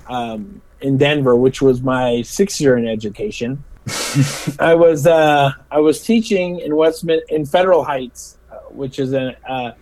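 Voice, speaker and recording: A middle-aged man whose voice leans high shares stories during a casual interview, laughing and repeating words as he talks. He works in special education, and the animated account comes through on a rough recording.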